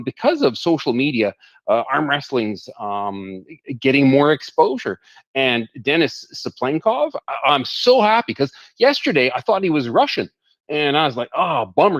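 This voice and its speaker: A man chats in a live audio room, stumbling over his opening words before rolling on with animated stories. His voice is mid-pitched and comes through a dull, lo-fi line that sounds dry and close. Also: no room sound. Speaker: audio chat participant. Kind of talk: casual live audio chat.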